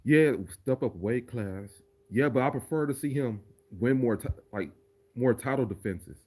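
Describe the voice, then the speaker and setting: A man's voice: medium pitch, normal speed, a little mellow. A man answering viewer questions on a casual livestream, laid-back and profane, often repeating words as he thinks. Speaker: livestreamer and remix producer.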